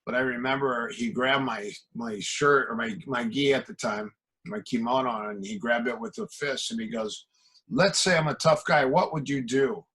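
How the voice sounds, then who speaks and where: Animated man telling martial arts stories. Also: medium pitch, moderate pace, husky, poor audio. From American Midwest. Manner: animated anecdotes, acting out quoted exchanges. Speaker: guest, martial arts coach. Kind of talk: casual storytelling.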